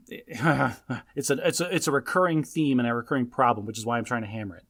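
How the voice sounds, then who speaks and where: A man's voice: medium pitch, fairly even intonation, fairly quick, a bit bright. A man in his thirties co-hosting a casual podcast, telling a parenting story in an emphatic, lecturing way. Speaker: podcast co-host.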